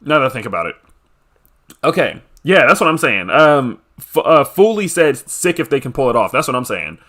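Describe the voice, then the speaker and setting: A young man hosts a casual crypto video. He reads a white paper aloud and keeps breaking in with quick, excited reactions. His voice moves up and down a lot as he talks. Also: mid-range voice. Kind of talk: casual screen-share commentary, reading a white paper aloud.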